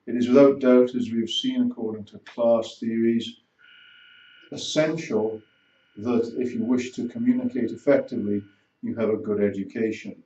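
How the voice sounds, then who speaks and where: A man giving a recorded lesson summary as a lecturer, speaking in measured, short phrases. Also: medium pitch, dark tone. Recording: roomy, distant, dull sound.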